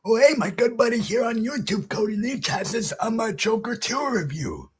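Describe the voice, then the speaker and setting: A man ranting loudly in a horror movie review video, often shouting and swearing. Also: sits high, sing-song, normal speed, husky. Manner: loud, profane, often shouting.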